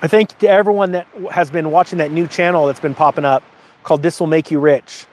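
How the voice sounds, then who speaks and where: A man talking casually to his viewers, telling an animated personal story and asking the audience motivational questions. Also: fairly quick, slight background noise. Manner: animated storytelling, rises in pitch for quoted lines. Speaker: host.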